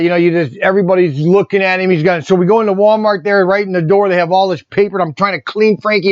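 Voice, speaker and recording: High-pitched and chatty, a man who owns a toy shop rambles through a casual vlog as he packs orders indoors, often starting his sentences over. The audio is dull with no room sound, picked up by a separate mic system placed away from the camera.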